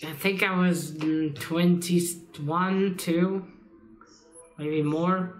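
A young woman with a lowish voice chats loosely about her books, wandering between thoughts and dropping the occasional swear. She has a slight cold that roughens the edges of her casual vlog talk. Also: steady tone, very slow. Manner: rambling, casual, swears lightly. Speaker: book vlogger. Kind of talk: casual reading vlog chat.

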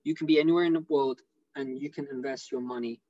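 A man with an English accent giving rambling, excitable commentary on a live stream over a video call. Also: medium pitch, fast, no room sound, muffled recording. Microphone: computer mic on a video call.

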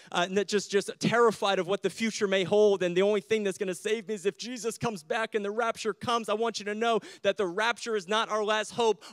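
A male pastor, not a native English speaker, preaching a sermon in an animated way and often repeating words as he builds his points. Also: high voice, smooth, dry recording.

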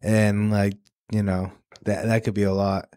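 A man's voice: fairly low pitch, little pitch movement, darkish tone, smooth. A man co-hosting a podcast, chatting casually and joking along easily. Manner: easygoing, laughs often, quick to joke along. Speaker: podcast co-host. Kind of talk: casual chat.

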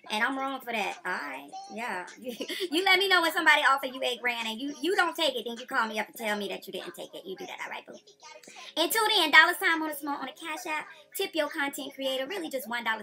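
A woman's voice: sits high, animated, fast talker, vocal fry, bright, forceful tone. A woman content creator in a blunt, outspoken livestream rant, swearing freely and repeating her points.

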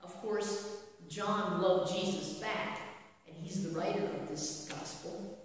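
Slow, echoey woman preaching. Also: medium pitch, slight background noise. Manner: storytelling with frequent rhetorical questions. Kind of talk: sermon. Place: church sanctuary. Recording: echoey hall from a distant mic.

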